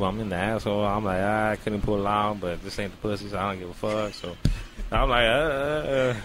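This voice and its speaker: Against a noisy background, a man with a fairly low pitch hosts a podcast, telling a lengthy comic tale. He's animated and profane, talking in casual slang and doing the voices of the people in his story.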